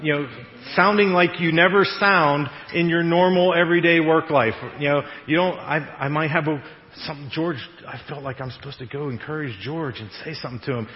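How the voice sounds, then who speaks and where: Male pastor, conversational sermon, slightly high voice, long hall reverb. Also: brisk, a little hiss or hum. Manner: conversational, animated, laughs at own jokes. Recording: echoey hall, dull radio-like sound.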